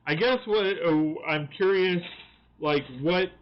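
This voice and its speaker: A man's voice: high-pitched, slow pace, smooth. Rambling, chatty man on a lo-fi stream. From United States. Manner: rambling, full of restarts and fillers. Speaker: channel host. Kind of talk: casual live-stream chat.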